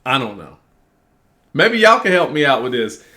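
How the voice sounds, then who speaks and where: A man venting to the camera in a casual monologue, cursing freely and acting out both sides of an argument in an animated way. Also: mid-range voice, moderate pace. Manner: animated, profane, reenacts arguments. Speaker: vlogger.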